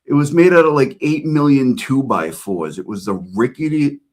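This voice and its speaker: A man's voice: mid-range voice, moderate pace, darkish tone. A man co-hosting a casual chat, rambling through memories, laughing and acting out quotes.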